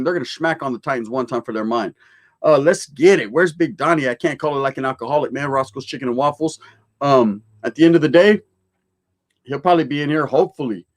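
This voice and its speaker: Man, livestream host, casual chat, street slang, Spanish words mixed in, middle pitch. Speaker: livestream host reading viewer comments.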